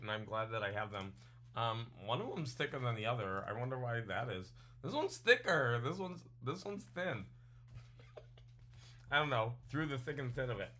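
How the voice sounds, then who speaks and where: A man with a bright, ringing voice chats casually into a home webcam mic. He rambles and drifts between topics, laughing at himself as he goes. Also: mid-range voice. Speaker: vlogger reviewing books and puzzles. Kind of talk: casual weekly vlog chat. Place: home room with his dog nearby.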